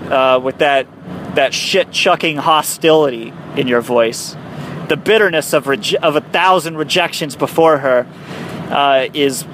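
A young man with a slightly high voice riffs through a rambling, foul-mouthed comic rant about himself. He is recorded inside a moving car, with faint road noise underneath. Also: a bit bright. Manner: profane, rambling, self-mocking rants. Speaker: comedian. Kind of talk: comic monologue recorded while driving. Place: in a car on a highway.

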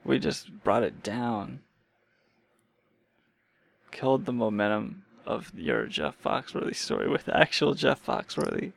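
A man's voice: medium pitch, big pitch swings, a little slow, creaky, pauses often. A man in casual podcast chat, teasing and ribbing his co-host in a playful way.

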